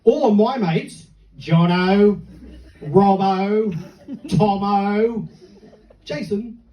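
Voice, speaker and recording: A middle-aged Australian man performs stand-up on a club stage, dryly telling self-mocking stories. His high voice moves very slowly, and the muffled recording sounds echoey and distant.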